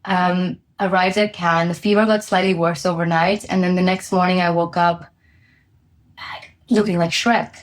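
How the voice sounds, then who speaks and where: A woman's voice: fairly low pitch, steady tone, moderate pace. A woman being interviewed as a company founder, telling a personal story candidly with many fillers.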